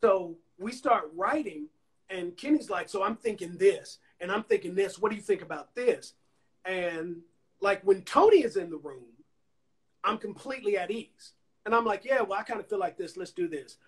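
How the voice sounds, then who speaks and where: Calling into Instagram Live by phone, a songwriter and producer from Anniston, Alabama, shares long anecdotes at a moderate pace in a casual interview. His voice is notably high, and he animatedly takes on the voices of the people in his stories.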